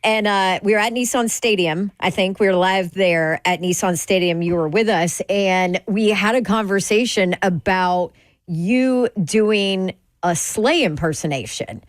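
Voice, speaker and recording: A woman's voice: medium pitch, measured pace, no room sound, studio quality. A woman hosting a sports radio show, chatting casually and upbeat as she interviews a guest and plugs events.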